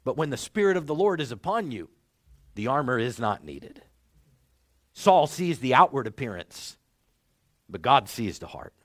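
A young man preaching a sermon, teaching the text in a measured, clear way with rising and falling inflection. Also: medium pitch, dry recording, studio quality.

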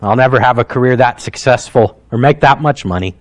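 A man in his thirties, a pastor preaching a sermon in an emotional, heartfelt storytelling manner that drops quiet and then rises to emphasis. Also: medium pitch, brisk.

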